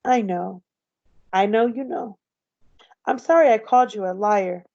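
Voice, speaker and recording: A hushed, grieving little boy, as a woman reads him. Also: mid-range voice, measured pace, creaky, dry recording. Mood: hushed, sad. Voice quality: soft, hushed. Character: gentle, sad young boy, grieving. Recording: slightly dull, dry recording.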